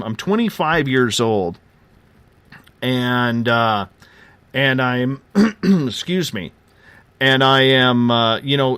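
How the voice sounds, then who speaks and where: A man in his forties hosts a late-night radio talk show. He tells a personal story with plenty of fillers and open emotion. His voice sits at a middle pitch and sounds dry and close. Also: fairly bright tone, dry recording. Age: 40s. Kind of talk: casual radio chat.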